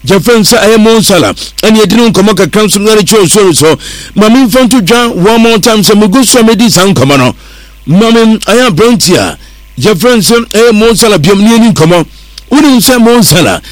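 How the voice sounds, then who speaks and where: A man's voice: high-pitched, animated, a little fast, dry recording. A man presenting football analysis on the radio, reeling off player statistics and switching between Twi and English.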